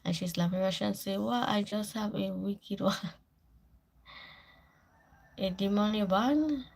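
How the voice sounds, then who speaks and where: On her laid-back morning livestream, this Caribbean-accented woman reads out viewer comments and answers them as she chats. She takes it slowly, her mid-range voice darkish in tone with vocal fry.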